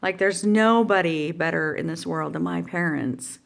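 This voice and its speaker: A woman's voice: fairly low pitch, moderate pace, gravelly. A middle-aged woman telling a heartfelt personal story in a vlog, rambling and emotional, with many fillers and restarts. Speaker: vlogger.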